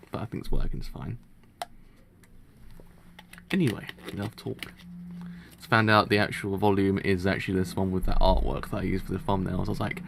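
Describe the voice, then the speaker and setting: Gravelly man rambling on a live reaction. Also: lowish voice, steady tone, fairly quick, slight background noise. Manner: rambling, self-interrupting, laughs often. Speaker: comic reaction streamer. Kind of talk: casual live reaction chat.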